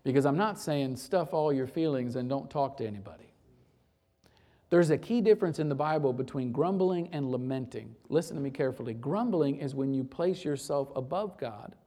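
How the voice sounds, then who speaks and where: A man's voice: mid-range voice, animated, moderate pace, warm tone. A male pastor preaching a sermon to his church, emphatic and repeating phrases for effect.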